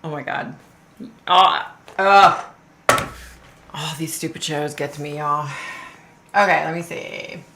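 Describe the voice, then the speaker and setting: Middle-aged woman, livestream host, gravelly bright voice, casual swearing, echoey room. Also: deep voice, fairly even intonation, slow, pauses often, background noise. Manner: chatty, swears freely, drawls "y'all".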